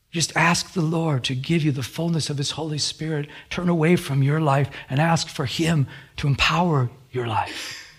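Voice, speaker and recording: Earnest man preaching, higher voice. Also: a bit bright, husky. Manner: earnest storytelling with frequent restarts. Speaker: pastor. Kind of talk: sermon with personal story.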